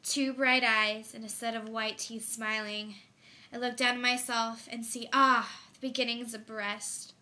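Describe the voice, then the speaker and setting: A woman's voice: on the high side, level tone, unhurried, sharp tone. A young woman playing a frightened dreamy girl. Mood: haunted. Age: young adult. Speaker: student actor. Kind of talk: theatrical monologue.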